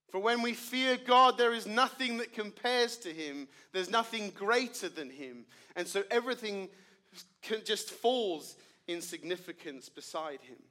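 A man, a pastor preaching a sermon and telling a story, earnest, with dramatic drops to quiet. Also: high voice, expressive, unhurried.

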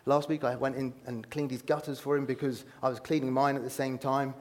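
A man's voice: mid-range voice, level tone, fairly quick. A man giving an informal sermon to a room of listeners, chatty and self-deprecating, often laughing at himself. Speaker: preacher. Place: room with an audience.

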